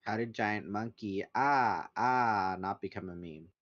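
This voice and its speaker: A man's voice: lowish voice, a little slow, fairly bright tone, no room sound, dull audio. A man chatting as a podcast guest, rambling loosely and laughing mid-sentence. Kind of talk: casual chat.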